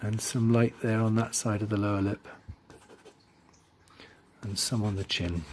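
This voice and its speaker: A man teaching drawing, talking through his steps as he works and trailing off quietly into asides. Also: on the low side, fairly even intonation, measured pace, a little hiss or hum. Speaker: art teacher. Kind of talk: drawing tutorial voice-over.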